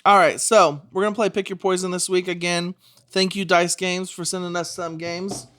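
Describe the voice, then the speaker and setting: Podcast co-host, man, slightly high voice, chatty and giggly, casual storytelling. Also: fairly even intonation, normal speed, fairly bright tone. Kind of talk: casual chat.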